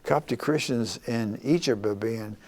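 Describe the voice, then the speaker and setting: Older man, earnest interviewee, halting delivery with frequent restarts. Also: mid-range voice, darkish tone. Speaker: former congressman, guest.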